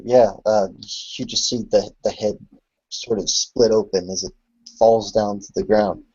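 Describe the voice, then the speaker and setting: A man running a tabletop horror game as game master, narrating in a halting way full of "uh" and "you know" over a video call. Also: lowish voice, steady tone, darkish tone, slightly rough. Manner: hesitant, full of filler words. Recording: lo-fi online call audio.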